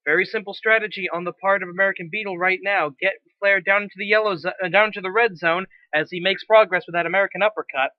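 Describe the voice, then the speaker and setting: Excitable male wrestling commentator. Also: high-pitched, dry recording, muffled recording. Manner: excitable, self-correcting, swears at slips. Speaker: play-by-play commentator.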